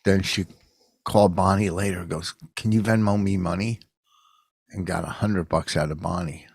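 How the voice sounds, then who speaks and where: Gravelly man telling stories. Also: deep voice, steady tone, moderate pace, no room sound, clean studio sound. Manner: gruff, loud storytelling. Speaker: podcast co-host, comedian. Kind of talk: casual bickering chat.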